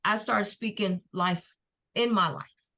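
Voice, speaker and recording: A middle-aged woman sits in as a guest on a podcast interview, sharing a personal testimony of faith. She speaks earnestly and without hurry, in a voice of ordinary middle pitch for a woman. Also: pushed and bright. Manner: earnest, faith-filled, unhurried storytelling. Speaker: guest, nonprofit founder.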